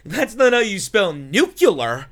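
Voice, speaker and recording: A man joking and bantering with friends over a meal, playful and animated. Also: high-pitched, slow pace. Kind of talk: casual banter at a dinner table.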